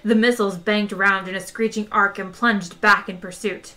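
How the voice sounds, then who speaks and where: Bright-voiced woman reading a story. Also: mid-range voice, normal speed. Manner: lively, wry storytelling. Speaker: audiobook reader. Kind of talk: expressive audiobook narration.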